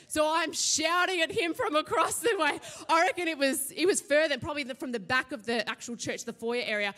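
A woman, a pastor giving a sermon and telling a lively personal story. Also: high-pitched, fairly quick. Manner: animated storytelling, acts out her own shouting.

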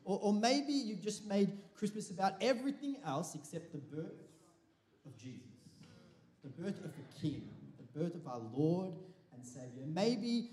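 Chatty pastor preaching, higher voice. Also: male voice, very animated, a little slow, a little mellow. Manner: chatty, jokey, self-interrupting preaching. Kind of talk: sermon. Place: church service with congregation.

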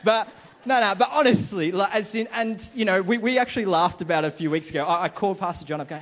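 A man's voice: sits high, fast, a bit bright. A young man, preaching a casual, chatty, self-deprecating sermon and acting out inner voices.

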